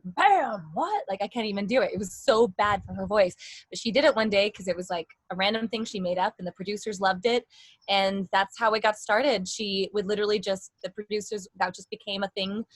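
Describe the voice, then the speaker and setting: A woman's voice: medium pitch, steady tone, quick pace, no echo. A young adult woman vocal coach giving a casual, rambling lesson with demonstrations.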